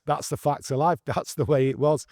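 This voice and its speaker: A man's voice: on the high side, normal speed, no echo, studio quality. Older Manchester man telling a war story. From England. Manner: animated, earnest, slips into broad northern dialect. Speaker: guest storyteller. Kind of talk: casual storytelling interview.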